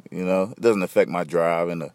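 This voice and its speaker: A man's voice: low-pitched, a little fast, a little mellow, no room sound. A young man hosting a podcast, rambling in loose, slangy, profane casual chat. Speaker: podcast host.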